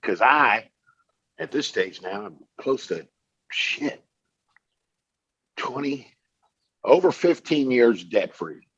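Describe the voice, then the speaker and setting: A man's voice: mid-range voice, expressive, takes it slowly, pauses often, a bit bright, breathy edge. A middle-aged man co-hosting a podcast, talking in a blunt, profane way and often restarting his sentences. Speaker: podcast co-host. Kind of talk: casual chat. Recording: slightly dull lo-fi sound.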